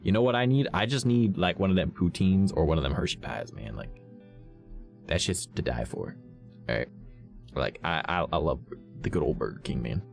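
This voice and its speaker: A man's voice: lively intonation, moderate pace, creaky, faint music behind. A man, a streamer telling a story to his chat in a blunt, profane, ranting way. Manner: blunt, profane, ranting with big swings in pitch.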